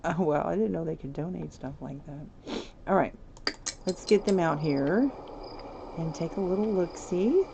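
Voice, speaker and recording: A woman streaming a life-sim game, chatty and giggly, talking straight to her viewers, over steady background noise. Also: fairly low pitch, unhurried, vocal fry, long pauses, muffled recording. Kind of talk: casual gameplay commentary.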